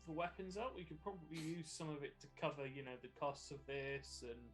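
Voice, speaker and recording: An easygoing man talks casually with his tabletop group. His voice sits fairly high for a man. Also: fairly quick, soft background music. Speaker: player.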